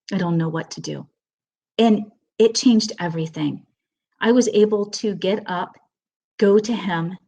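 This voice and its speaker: A middle-aged woman teaching horsemanship, telling a personal story in a webinar with earnest emotion and halting restarts. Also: mid-range voice.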